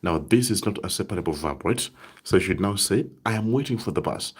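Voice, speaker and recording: A man teaching a live online German lesson, saying example sentences slowly and checking in with "right?" often. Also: low-pitched, expressive, breathy edge.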